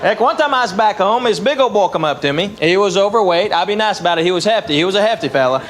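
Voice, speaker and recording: A man with a thick Southern Tennessee accent delivers stand-up in a high, lively voice. He drawls folksy asides to the crowd, with a faint hiss in the recording. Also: fast talker. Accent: Southern US, East Tennessee. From Tennessee, USA. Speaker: stand-up comedian. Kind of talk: stand-up routine. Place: comedy stage before a live audience.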